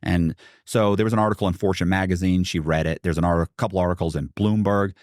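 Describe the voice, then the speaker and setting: Middle-aged american guy rambling through a story, really low voice, dry close mic. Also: fairly even intonation, quick pace, darkish tone, dry recording. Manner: rambling, many restarts and asides. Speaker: podcast guest. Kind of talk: casual storytelling.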